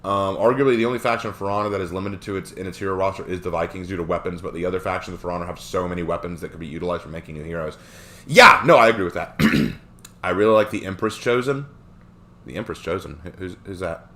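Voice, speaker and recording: A man streaming live, reading and answering chat questions in a rambling, animated way with frequent fillers. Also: sits low, quick pace, a little hiss or hum.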